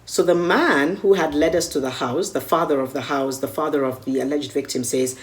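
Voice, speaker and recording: A woman's voice: deep voice, brisk, few pauses, slight background noise. A Kenyan woman recounting a personal story vividly and acting out the dialogue. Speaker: media personality recalling a con.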